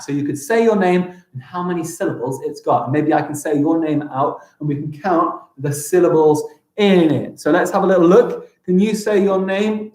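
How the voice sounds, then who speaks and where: A young English man teaching a live-streamed primary school lesson, upbeat and encouraging, sounding out words slowly. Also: sits high, darkish tone, echoey room, low-quality recording.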